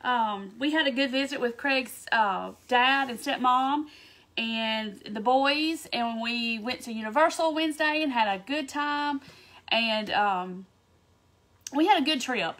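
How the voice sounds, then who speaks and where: Bubbly high-voiced woman with a stuffy nose. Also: measured pace. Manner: bubbly, chatty, excitable. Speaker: craft livestream host. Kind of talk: casual livestream chat greeting viewers.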